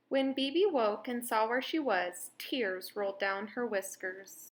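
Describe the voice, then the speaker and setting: A woman reading a children's picture book aloud, clear and expressive. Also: on the high side. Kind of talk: storybook read-aloud narration.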